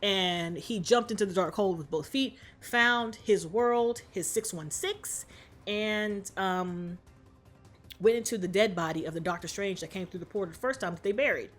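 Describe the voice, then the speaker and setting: A woman's voice: medium pitch, normal speed, faint music behind. A woman vlogger giving a comic movie recap in slangy, profane talk.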